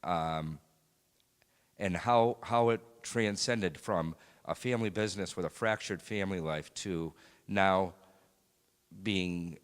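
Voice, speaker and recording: A man sharing a personal faith testimony in a church, speaking in a halting, reflective way with many pauses and fillers. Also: deep voice, clean tone. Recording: long hall reverb.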